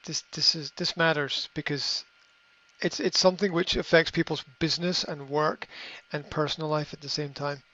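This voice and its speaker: A middle-aged man hosting a podcast, giving a motivational monologue in a halting way, repeating words and filling pauses with ums. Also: fairly high pitch, steady tone, pushed and bright. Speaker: podcast host. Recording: slightly dull lo-fi audio.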